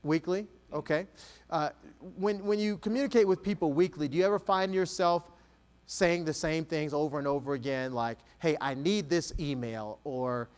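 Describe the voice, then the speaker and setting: Energetic man speaking on stage. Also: on the high side, moderate pace, clean tone. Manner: energetic, coaxing a volunteer. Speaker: keynote speaker. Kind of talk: interactive stage talk. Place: stage before an audience.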